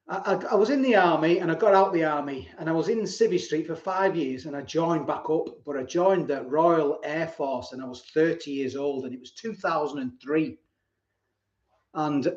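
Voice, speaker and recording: A man in his forties hosting a live stream. He tells stories in a rambling way, repeats words and often chuckles. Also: on the high side. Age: 40s. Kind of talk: casual live-stream chat and storytelling. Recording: roomy, dull lo-fi home stream.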